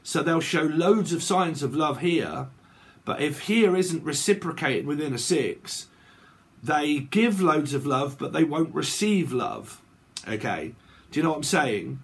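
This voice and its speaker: Man, tarot reader, casual talk to camera, rambling, keeps saying okay, husky voice. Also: fairly high pitch, animated, a little slow. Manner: rambling, repeats "okay" and "right" often.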